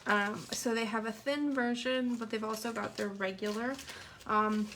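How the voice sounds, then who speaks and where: A woman's voice: a little high, steady tone, moderate pace, a bit bright, a little hiss or hum. A woman teaching a live card-making lesson, chatting with viewers as she works. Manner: chatty, talks to viewers while working. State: sniffling, hiccups. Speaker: papercraft instructor.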